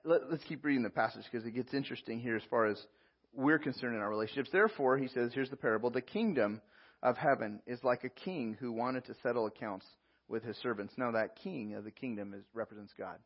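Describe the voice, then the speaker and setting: Husky-voiced pastor preaching a sermon. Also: male voice, mid-range voice, fairly quick, highs cut off. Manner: reads scripture aloud and explains it verse by verse.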